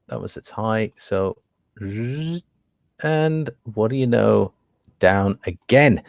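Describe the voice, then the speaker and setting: British male livestream host, lowish voice, dry close sound, easygoing and full of fillers. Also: no room sound. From Britain. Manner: relaxed, thinks aloud with many fillers, reads out viewer comments. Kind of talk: casual livestream commentary.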